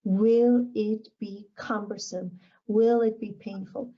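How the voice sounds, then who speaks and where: A woman's voice: medium pitch, steady tone, slow pace, muffled recording. A woman giving a motivational keynote talk, emphatic and repeating her key phrases. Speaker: motivational speaker.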